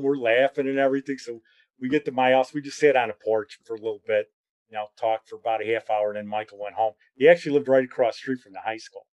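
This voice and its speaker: A middle-aged man telling personal memories in a casual, rambling way. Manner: rambling, conversational, drops lower and quieter when reflective. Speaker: storyteller.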